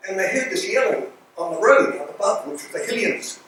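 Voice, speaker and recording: An older man telling lively anecdotes to a club audience, mimicking the broken English of the men he quotes. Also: high-pitched, fairly quick, slight background noise. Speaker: club speaker telling stories. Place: club hall. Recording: very echoey hall from far off.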